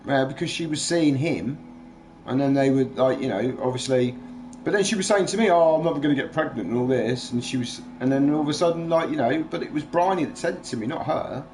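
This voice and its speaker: A man's voice: medium pitch, a little fast, a little mellow, slight background noise. Agitated man venting. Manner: agitated, rambling, swears freely. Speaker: livestream host. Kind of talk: casual chat.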